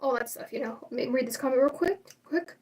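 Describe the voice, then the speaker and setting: A woman's voice: high voice, fast, a little mellow, far from the mic, rough recording. A young adult woman hosting a casual livestream, rambling and opinionated with lots of fillers and restarts. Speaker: livestream host.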